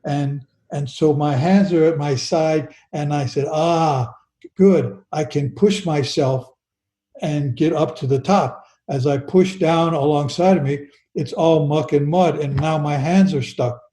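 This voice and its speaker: An older man recounts a personal story with slow, earnest pacing, often circling back and restarting his words. His voice is mellow, sits a touch high for a man, and carries an echo from the room around him. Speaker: guest.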